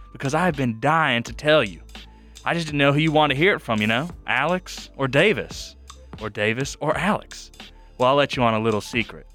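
A man's voice: medium pitch, fairly bright tone, natural voice. A man doing a smug Southern-drawled killer. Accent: Southern US country.

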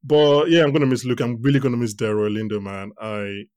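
A man's voice: mid-range voice, fairly quick, dry recording. A man hosting a podcast, chatting casually and rambling with many restarts about a TV show. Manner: rambling, self-correcting, animated. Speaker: podcast host. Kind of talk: casual chat reviewing a TV show.

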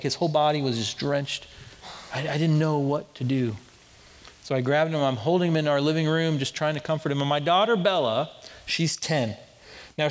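A man's voice: a little high, big-room sound. A man in his thirties preaching a sermon as pastor, telling stories earnestly and often restarting his phrases. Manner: earnest storytelling with repeated restarts.

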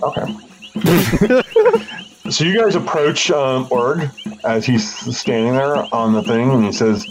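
A man's voice: medium pitch, expressive, slow, long pauses, faint music behind, rough recording. A man narrating as game master, hesitant and full of fillers. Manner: hesitant, full of likes and ums.

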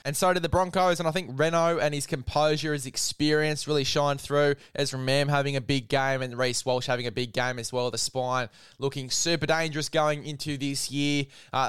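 A man hosting a laid-back footy chat, full of enthusiasm and matey banter. His voice is smooth and clear, recorded dry and close with no room sound. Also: medium pitch, fairly bright tone, no room sound. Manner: matey, enthusiastic, says "mate" constantly. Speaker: podcast host. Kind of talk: casual sports chat.

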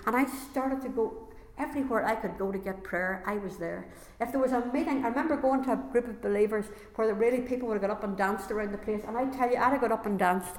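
A woman's voice: on the high side, fast, a little mellow. A woman giving an earnest, emotional personal faith testimony to a gathering. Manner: earnest, emotional, growing intense. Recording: echoey hall with long reverb.

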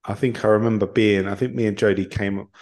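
A man's voice: on the low side, fairly even intonation, fairly quick, darkish tone. A man co-hosting a podcast, talking in a casual, upbeat, jokey way. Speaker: podcast co-host. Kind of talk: casual chat.

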